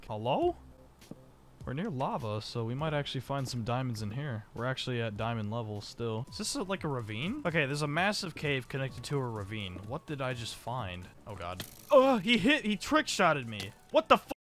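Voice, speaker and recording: A young man with a mid-pitched voice talks through a live game stream, wandering between topics as he plays. He swears freely and jumps into loud, startled yelps whenever something catches him off guard. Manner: rambling, profane, quick to shout in surprise. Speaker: gaming streamer. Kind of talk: live gameplay commentary.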